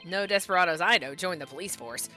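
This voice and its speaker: An earnest young defense attorney questions a witness with plain, direct persistence, as a woman reads him. The voice is bright and clear, with faint music in the background. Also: fairly low pitch, fast. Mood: questioning.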